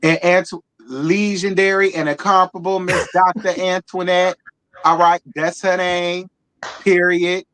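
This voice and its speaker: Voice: medium pitch, little pitch movement, unhurried, a bit bright. A co-host on a live reality TV review stream, blunt and sassy, throwing shade at the cast. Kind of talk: casual gossip chat on a livestream.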